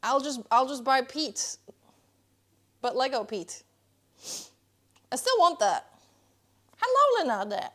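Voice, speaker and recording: Young female streamer, bit higher voice, chatty and teasing, talking to chat from home. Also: wildly swooping pitch, slow, pauses often, fairly bright tone. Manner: playful, chatty, reads and answers chat. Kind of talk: casual live-stream chat. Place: indoors at home, kitchen.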